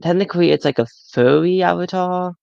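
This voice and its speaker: A man rambles through a casual live stream about toys, tripping over his words and repeating himself. His voice has a gravelly fry to it. The sound is dry and close, with no room echo. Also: high voice, fairly quick, darkish tone, dull audio. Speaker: toy collector streamer.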